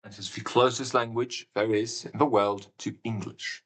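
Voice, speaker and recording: A man's voice: on the low side, steady tone, normal speed, rough recording. A man live-streaming a game, talking casually and thinking aloud, with a rambling manner and sudden exclamations. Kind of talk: casual live commentary while playing.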